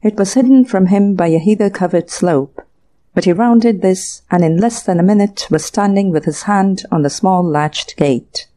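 A woman reads a classic short story aloud in a measured, even storytelling pace. Her voice is mellow and warm. It has the scripted narration of an audiobook. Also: medium pitch.

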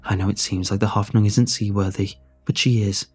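A man's voice: lowish voice, little pitch movement, fairly quick, darkish tone, husky. A man reading as a grave, blunt crewman. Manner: blunt, urgent warnings. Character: grave, serious male station crewman.

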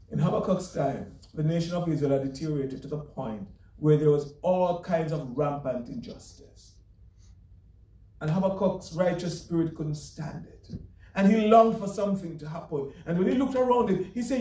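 A man delivering an earnest, emphatic sermon as a pastor, now and then chuckling softly between his points. His voice sits high yet sounds mellow and warm. It is heard from some distance in a roomy, echoing church. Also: moderate pace. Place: church sanctuary. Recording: echoey church room, mic far off.

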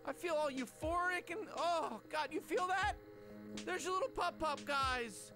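A man voicing an excitable alien creature in a video game, gushing and breathless, over game music. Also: very high-pitched, measured pace. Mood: euphoric. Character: excitable purple alien creature, male, euphoric.

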